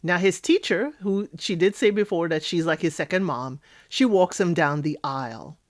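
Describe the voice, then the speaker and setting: Outspoken woman with a lowish voice. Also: normal speed, no room sound, studio quality. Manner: animated, outspoken, sassy asides. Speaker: reality TV recap host. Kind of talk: casual recap commentary.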